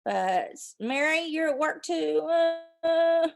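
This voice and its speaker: A woman's voice: high voice, expressive, slow pace, gravelly. A middle-aged woman, hosting a rambling live chat with her viewers and laughing often. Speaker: livestream host.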